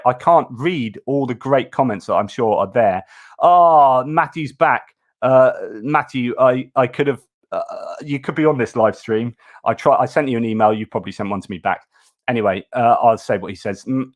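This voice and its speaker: A man hosting a news commentary livestream, reading headlines and reacting with animated, indignant asides and frequent restarts. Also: mid-range voice.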